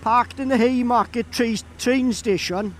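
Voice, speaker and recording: Welsh-accented young man, very high-pitched, easygoing vlogger spinning a yarn outdoors with faint road noise. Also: a little slow. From Wales. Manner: chatty, laughing storyteller with many fillers. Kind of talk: casual anecdote.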